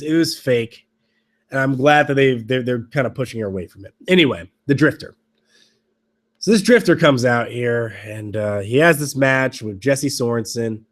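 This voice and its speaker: A man hosting a podcast, recapping wrestling in a casual, rambling way with halting restarts and wry, mocking asides. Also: medium pitch. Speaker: podcast host.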